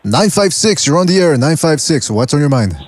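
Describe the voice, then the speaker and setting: Brief: male host, teasing and jokey, slightly high voice, dry sound. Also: big pitch swings, brisk, no echo. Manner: jokey, teasing, laughs often. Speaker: podcast host. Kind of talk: call-in show hosting.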